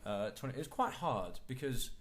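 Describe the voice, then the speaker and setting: A man's voice: mid-range voice, sing-song, normal speed. A man co-hosting a casual football podcast, opinionated and enthusiastic about players. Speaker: podcast co-host.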